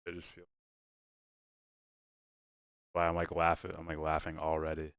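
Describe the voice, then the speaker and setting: A man's voice: deep voice, a bit bright, dry recording. A man hosting a casual livestream, reacting and chatting in a rambling, giggly, profane way. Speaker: livestream host.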